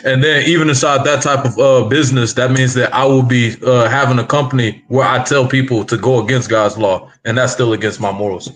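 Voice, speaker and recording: A man's voice: mid-range voice, steady tone, brisk, few pauses, poor audio. A man in a casual debate chat, talking hesitantly with many fillers and restarts. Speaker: guest.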